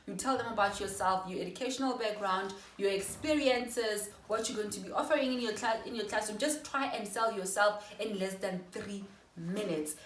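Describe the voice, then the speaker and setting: A young South African woman giving a casual how-to talk to her viewers, chatty and quick to correct herself. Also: medium pitch, recorded from a distance, a little hiss or hum. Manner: chatty, apologetic self-corrections. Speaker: vlogger. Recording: echoey room, voice off-mic.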